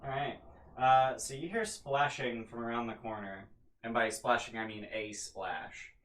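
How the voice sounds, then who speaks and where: A man's voice: mid-range voice, measured pace. Echoey game master man, easygoing narration. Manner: relaxed, filler-heavy descriptions.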